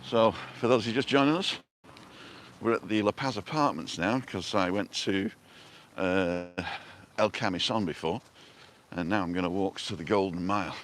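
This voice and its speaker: A man's voice: deep voice, moderate pace, a bit bright, a little hiss or hum. A man hosting a casual live walking vlog outdoors, chatting and greeting viewers by name as he goes. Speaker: vlog host on a live stream. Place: outdoors on a town street and park.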